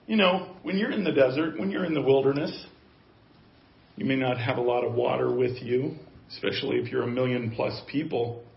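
A man's voice: medium pitch, moderate pace, vocal fry. A male pastor preaching a sermon, emphatic and given to repeating key phrases for weight. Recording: echoey, dull lo-fi room sound.

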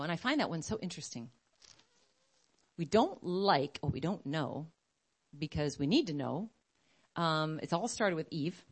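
A woman preaching a sermon in an animated way, acting out other voices as she speaks. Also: on the low side, unhurried, long pauses.

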